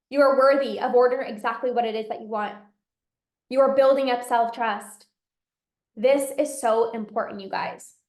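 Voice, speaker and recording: A woman's voice: high voice, reverberant. A woman, a binge eating coach, giving an emphatic motivational talk to a live audience and repeating her key phrases.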